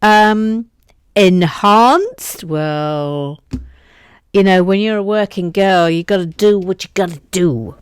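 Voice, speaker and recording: A woman's voice: medium pitch, slow, clean tone, dry recording. A woman with an English accent chatting playfully as co-host while building a model. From England. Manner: playful, chatty, puts on silly sing-song voices. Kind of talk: casual chat while building.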